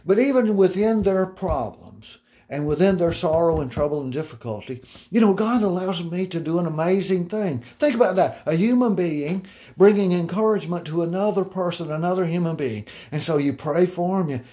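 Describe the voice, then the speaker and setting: A middle-aged male pastor preaching a sermon in an earnest, conversational way, slowing down to read scripture aloud and breaking into personal asides. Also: high voice, lively intonation, warm tone.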